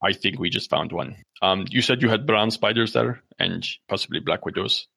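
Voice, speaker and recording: A man hosting and coaching prank calls, speaking with playful loud scolding and deadpan asides. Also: fairly low pitch, moderate pace, vocal fry, husky, dry recording, clean studio sound. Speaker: prank call host and coach. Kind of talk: prank phone call.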